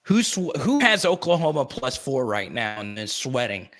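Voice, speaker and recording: Male stream host, mid pitch, excitable, talks straight to the chat and repeats himself. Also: normal speed. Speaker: sports live stream host. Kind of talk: casual live stream chat.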